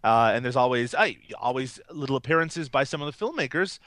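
A man's voice: medium pitch, lively intonation, brisk, a bit bright, dry recording. A man co-hosting a podcast in casual, rambling, enthusiastic chat, often laughing, while recovering from a cold. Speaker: podcast co-host.

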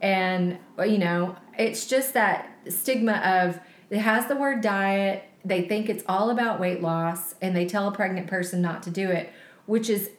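A woman's voice: medium pitch, unhurried, echoey room. A woman in her forties co-hosting a podcast, talking in an enthusiastic, chatty way. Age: 40s. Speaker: podcast co-host. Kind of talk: casual chat.

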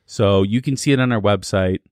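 A man co-hosting a podcast in casual chat, with a teasing, deadpan humor. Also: on the low side, brisk, dry recording, clean studio sound. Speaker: podcast co-host.

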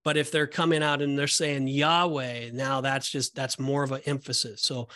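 A man's voice: mid-range voice, flat delivery, normal speed, pushed and bright, no room sound, studio quality. A man co-hosting a podcast, explaining Bible passages in a casual way and often restarting his phrases. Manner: explanatory, repeats and restarts phrases, reads verses aloud. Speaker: podcast co-host. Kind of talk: casual Bible study discussion.

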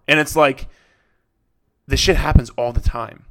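A man's voice: on the high side, fairly quick, fairly bright tone. A man who is a fitness coach, talking on his podcast in a blunt, casual way, swearing often and repeating himself to drive the point home. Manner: blunt, profane, repetitive coaching talk.

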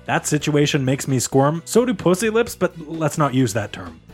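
Husky, lively-voiced man hosting a podcast. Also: fairly high pitch, normal speed, soft background music. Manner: giggly and playful, laughs often. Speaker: podcast host. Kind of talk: casual comedy podcast chat.

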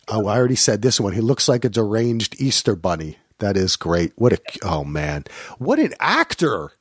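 Animated middle-aged man telling stories. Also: moderate pace, breathy edge, no room sound, studio quality. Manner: animated storytelling, jumps to high voices when quoting. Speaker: podcast co-host. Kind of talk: casual chat about a movie. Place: lives in Portland, grew up in New Jersey.

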